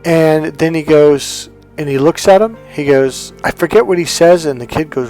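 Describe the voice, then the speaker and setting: A man's voice: a little high, moderate pace, few pauses, darkish tone, soft background music. A man, a self-help coach and hypnotherapist, talking casually to camera and telling a rambling story in which he acts out the lines of the people in it.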